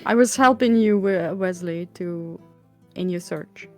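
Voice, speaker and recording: A woman's voice: on the low side, unhurried, darkish tone, soft background music. A woman playing a tabletop game, chiming in playfully. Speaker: player.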